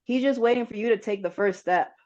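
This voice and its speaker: A woman's voice: mid-range voice, fast talker, darkish tone. A young woman gives a heartfelt, faith-filled motivational talk over a video call. Her voice sits mid-range, and the audio is slightly muffled. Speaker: guest speaker on a team call.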